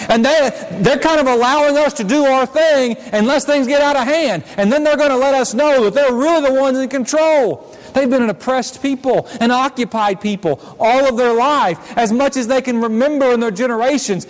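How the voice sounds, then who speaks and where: A man's voice: very high voice, moderate pace. A man preaching a sermon as pastor, talking conversationally with frequent restarts and repeated words. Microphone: handheld or stand mic. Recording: long reverb of a large hall.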